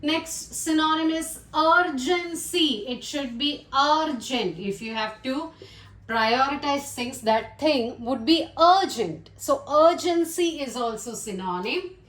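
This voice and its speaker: A woman teaching English vocabulary, listing words one by one in a slow, deliberate way. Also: high-pitched, a bit bright. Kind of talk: vocabulary lesson. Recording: echoey room.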